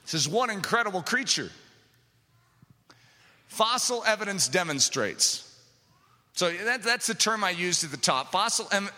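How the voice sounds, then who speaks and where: A man preaching a sermon with passion, dropping to quiet asides and rising to shouts. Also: sits high. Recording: long hall reverb.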